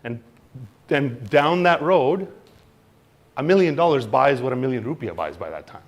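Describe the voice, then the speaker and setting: A man giving an informal seminar talk on money, blunt and animated, acting out little exchanges in mock voices. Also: medium pitch, moderate pace. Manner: blunt, swears casually. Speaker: crypto educator.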